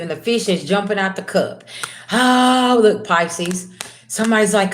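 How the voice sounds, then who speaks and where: A woman reading tarot on a live stream, slangy and chatty, calling her viewers "babies" and swinging from low murmurs to loud, excited bursts. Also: moderate pace, slight background noise. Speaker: tarot reader. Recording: roomy echo.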